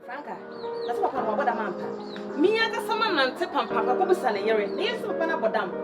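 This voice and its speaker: An actress with a Ghanaian accent playing a young woman friend who gossips quickly and exclaims in Twi. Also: sits high, very animated, loud music behind the voice. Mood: gossiping. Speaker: actress in a Kumawood film. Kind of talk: dramatic film dialogue.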